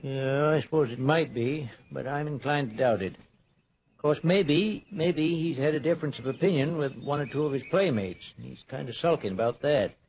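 A man's voice: on the high side, normal speed, a little mellow, slight background noise, natural voice. A man playing a folksy older small-town man in a 1940s radio drama, with an easygoing drawl. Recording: dull old radio transcription.

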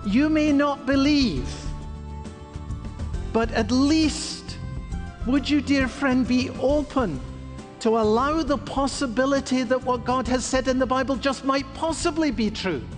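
A man's voice: extremely high pitch, unhurried, long reverb tail, faint music behind. A male pastor preaching in an earnest, inviting way. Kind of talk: sermon.

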